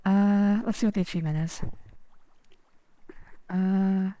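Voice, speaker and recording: A woman's voice: medium pitch, steady tone, unhurried, warm tone, rough recording. Chatty woman streaming a game. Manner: chatty, self-deprecating, rambling. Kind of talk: casual gameplay commentary.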